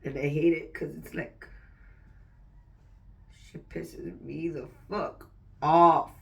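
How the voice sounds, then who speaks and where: A woman's voice: deep voice, steady tone, gravelly, far from the mic. Tearful woman venting, fighting back tears. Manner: raw, swearing, halting restarts. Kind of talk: emotional venting vlog.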